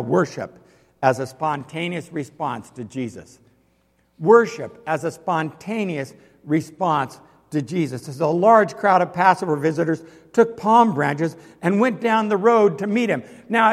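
A male pastor preaching a sermon, swinging from hushed lines to loud ones and asking the congregation questions. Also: high-pitched. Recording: long hall reverb.

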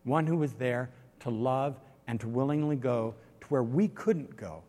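A man preaching a sermon as pastor, swinging from loud exhortation to quiet storytelling. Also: medium pitch, lively intonation, a little slow. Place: church sanctuary. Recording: long reverb of a large hall.

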